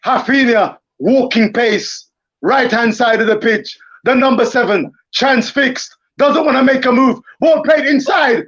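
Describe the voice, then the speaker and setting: A man giving excited, theatrical live football commentary for a watchalong stream, full of exclamations. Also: extremely high pitch, unhurried, lo-fi sound.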